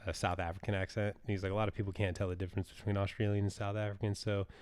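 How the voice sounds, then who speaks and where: A man's voice: lowish voice, flat delivery, racing, a little mellow, clean tone, no echo. A man co-hosting a podcast in casual chat, joking and laughing often. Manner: jokey, laughs often, talks in restarts. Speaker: podcast co-host.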